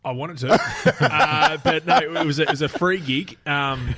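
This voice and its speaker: A man's voice: fairly high pitch, unhurried, sharp tone. A man, co-hosting a podcast and telling a rambling story full of fillers and laughs. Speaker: podcast co-host. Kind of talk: casual storytelling chat.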